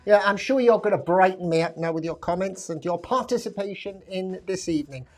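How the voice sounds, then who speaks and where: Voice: mid-range voice, brisk. A quiz host reading out multiple-choice questions on a live stream. The delivery is chatty and self-mocking, wandering into rambling asides before coming back to the next question. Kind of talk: casual live-streamed pub quiz hosting.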